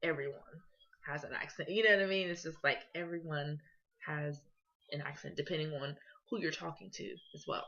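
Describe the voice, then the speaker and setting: Young woman from ohio doing a class presentation, pretty low voice, chatty with lots of um and you know, kinda muffled lo-fi audio. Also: fairly even intonation, brisk, gravelly, pushed and bright. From Columbus, Ohio. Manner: casual, conversational, with many fillers and "you know"s. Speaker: student presenter. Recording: dull lo-fi recording.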